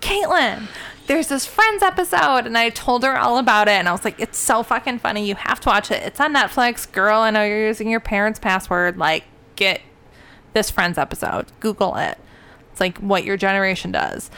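A woman's voice: mid-range voice, lively intonation, fairly quick, pushed and bright, clear, resonant tone. A young adult woman co-hosting a casual chat, telling stories animatedly, swearing freely and mimicking sounds.

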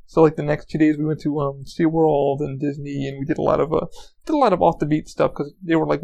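A man's voice: a little high, fast talker, vocal fry, a little mellow, poor audio. A man hosting his own podcast, rambling through a casual story with lots of swearing, fillers and restarts. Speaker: podcast host. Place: lives in Orlando, Florida.

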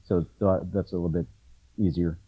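A middle-aged man chatting casually about concerts, often halting and restarting his sentences with ums. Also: deep voice, fairly even intonation, highs cut off, a little hiss or hum. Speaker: punk fan in conversation. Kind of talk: casual chat.

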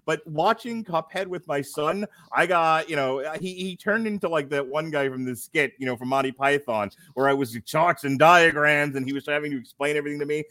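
A man's voice: on the high side, a little fast, hardly any pauses, pushed and bright, dry recording. A man hosting a casual chat show, joking and laughing often as he runs through the upcoming episodes. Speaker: podcast host.

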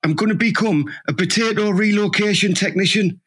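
A man tells rambling comic stories in improvised banter. His voice sits high and has a husky edge. He keeps checking in with "aye, man" and "you know what I mean". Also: a little fast, fairly bright tone.

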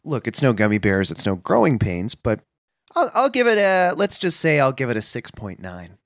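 Deadpan, mock-earnest male podcast co-host. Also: medium pitch, moderate pace, no echo, studio quality. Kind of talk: casual comedic chat.

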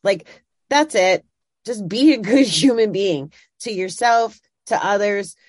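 A woman's voice: medium pitch, slow, a little mellow, no room sound, studio quality. A woman interviewer in casual chat, engaged and responsive.

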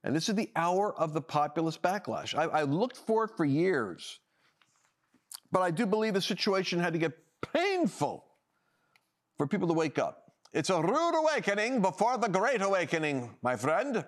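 A man's voice: high-pitched, very animated, moderate pace. Emphatic sarcastic male talk host. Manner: emphatic, sarcastic, with frequent restarts. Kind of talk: opinionated political commentary.

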